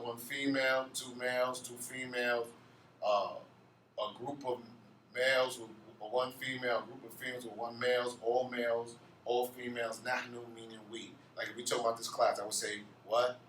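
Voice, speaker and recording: A man's voice: mid-range voice, little pitch movement, normal speed, a bit bright, distant mic, a little hiss or hum. A man teaching an Arabic grammar class, asking his students questions and answering them himself. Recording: echoey room, off-mic, faint ambience.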